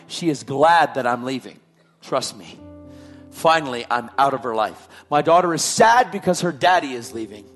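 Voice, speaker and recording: A man giving an emotional personal testimony, a dramatic storyteller who drops to hushed tones and then rises to shouting. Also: a little high. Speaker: testimony speaker.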